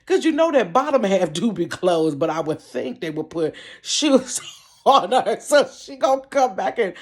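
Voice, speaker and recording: A woman telling a story on her vlog from her bedroom, animated and laughing, with big swings in pitch. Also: measured pace. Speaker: vlogger.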